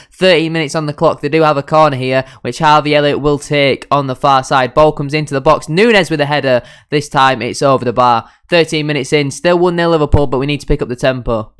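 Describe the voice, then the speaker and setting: A young man calls a football management game play by play, growing frustrated and hard on his own side. His voice is smooth and clear at a middle pitch, and he talks in a steady gaming-commentary flow. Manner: frustrated, self-critical play-by-play. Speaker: gaming YouTuber.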